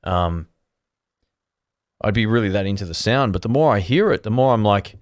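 A man's voice: lowish voice, expressive, moderate pace, no echo, clean studio sound. A man hosting a guitar channel, chatting casually on a livestream and answering viewers, rambling and restarting his sentences in an easygoing way.

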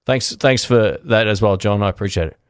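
A man's voice: lowish voice, brisk, clean tone, no echo. A man, hosting a live stream from his home studio and chatting through viewer comments in a friendly, rambling way. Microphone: dynamic podcast mic.

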